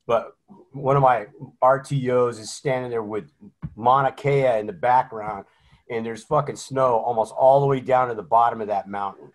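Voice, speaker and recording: A man swaps blunt, profane stories from his service days in a relaxed chat. His telling is animated, and he often ends his sentences with a tag like "right?" or "man.". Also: medium pitch, moderate pace. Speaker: military veteran guest. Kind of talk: casual chat.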